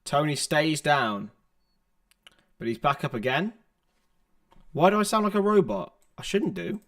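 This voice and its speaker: A young man with a somewhat high, slightly bright voice calls a football game in a sing-song manner at a measured pace. He's a watchalong livestream host, chatting to viewers through his laptop's built-in mic.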